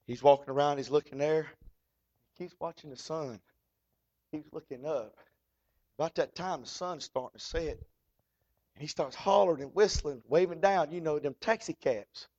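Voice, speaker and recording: A man's voice: on the high side, moderate pace, pauses often, darkish tone. A man preaching a folksy, fervent sermon. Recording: dull lo-fi recording.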